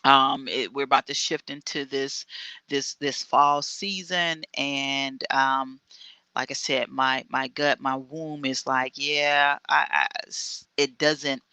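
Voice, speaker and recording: Middle-aged woman, really bright sharp voice, dry close sound, earnest and halting, lots of restarts, video call. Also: rumbling low, steady tone, clean tone, no echo. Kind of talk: casual chat on an online radio show.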